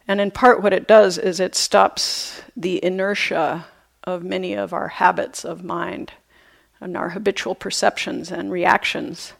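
A middle-aged woman, a meditation teacher, giving a reflective dharma talk on retreat with unhurried, soft hesitations. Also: lowish voice, steady tone, creaky. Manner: light self-amused laughter. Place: retreat center meditation hall.

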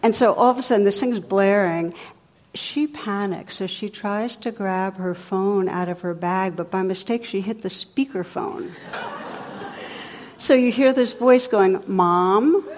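A middle-aged woman giving a dharma talk as a meditation teacher, telling stories in a gentle, conversational way. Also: mid-range voice, a little slow, a little hiss or hum. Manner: gentle, conversational storytelling with playful sound effects.

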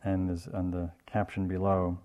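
A male meditation teacher giving a dharma talk. His voice sits a little low and sounds mellow and warm, and his delivery stays gentle and reflective. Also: monotone, normal speed. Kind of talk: dharma talk on loving-kindness.

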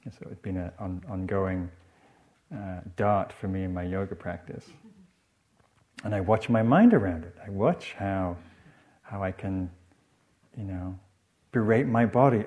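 Middle-aged meditation teacher from the north, deep mellow tone, reflective dharma-talk delivery. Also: male voice. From northern England. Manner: reflective, unhurried, many "you know" asides.

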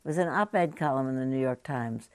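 A woman meditation teacher giving a conversational, halting talk to a group, often turning to ask the audience questions. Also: extremely low pitch, no echo. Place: meditation hall.

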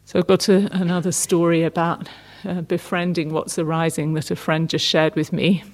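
Soft-spoken woman giving a meditation talk. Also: fairly low pitch, level tone. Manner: gentle, unhurried, with frequent restarts and fillers. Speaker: meditation teacher. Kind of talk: dharma talk.

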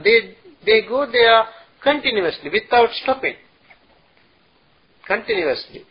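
A man, a Buddhist monk, giving a retreat dharma talk, speaking haltingly and breaking into chanted verses. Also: high-pitched, animated, slightly rough, muffled recording. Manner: slow, halting delivery with chanted Pali and Sanskrit verses.

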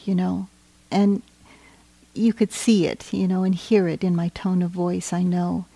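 Gentle reflective woman, mellow voice. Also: mid-range voice, dry recording. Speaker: meditation teacher. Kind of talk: dharma talk on retreat. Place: meditation retreat.

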